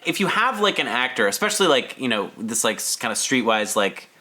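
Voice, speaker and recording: A man co-hosting a podcast, chatting casually about a film in an animated way and drawing on his own acting experience. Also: medium pitch, brisk. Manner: animated, chatty, slips into playful put-on voices. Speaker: podcast co-host.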